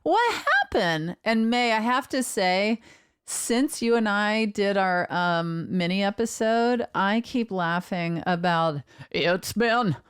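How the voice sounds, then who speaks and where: A woman co-hosting a podcast, chatting in a dry, deadpan, measured way. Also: mid-range voice, clean tone, no room sound. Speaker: podcast co-host. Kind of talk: casual chat.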